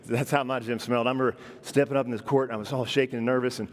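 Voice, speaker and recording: A man delivers a storytelling keynote to a conference audience in a large hall, addressing the crowd directly and animatedly acting out the people in his stories. His mid-range voice races, and the recording carries long hall reverb.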